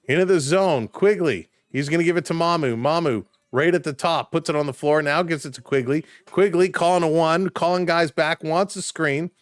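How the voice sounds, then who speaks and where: A man doing live play-by-play commentary for a stream, calling plays quickly and chatting with viewers in between. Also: fairly high pitch, no room sound, clean studio sound. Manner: rapid play calls, rising excitement on big plays, chatting with viewers.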